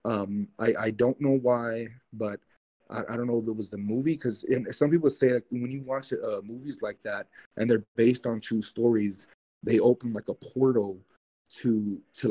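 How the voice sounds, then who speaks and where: A young man telling a spooky personal story in casual, animated speech, full of swearing and filler words. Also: fairly low pitch, poor audio. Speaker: guest.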